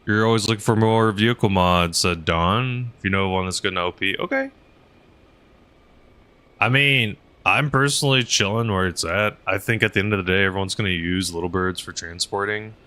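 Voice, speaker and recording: A man's voice: fairly low pitch, normal speed, sharp tone. A young man streaming a game, chatting casually while he flies and reads chat, rambling with lots of fillers. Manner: rambling, filler-heavy, laughs often. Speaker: streamer flying a helicopter.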